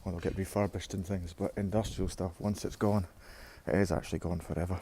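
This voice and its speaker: Guy rambling on an outdoor explore, deep flat voice, noisy camera audio. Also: a little fast. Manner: casual, rambling, talks to viewers as guys. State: a bit out of breath. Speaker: urban explorer vlogger. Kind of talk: walking tour commentary. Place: outdoors at an abandoned brickworks.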